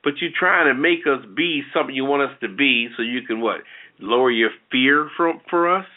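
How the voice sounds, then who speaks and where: A man co-hosting a talk show, giving blunt, animated opinions in casual commentary with many restarts. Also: medium pitch, moderate pace. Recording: tinny phone-like audio.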